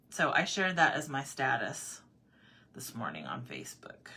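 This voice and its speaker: A woman originally from Arizona telling a funny everyday story in a casual vlog, animated, repeating herself and laughing often. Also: low voice, moderate pace, long pauses, husky. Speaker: vlogger.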